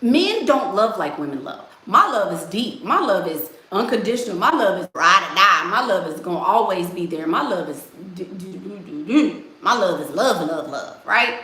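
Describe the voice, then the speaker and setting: A woman's voice: medium pitch, very animated, moderate pace, few pauses, sharp tone, roomy sound. A woman giving blunt, sassy dating advice while answering viewers in a casual live stream. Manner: blunt, sassy, emphatic, addresses viewers as y'all.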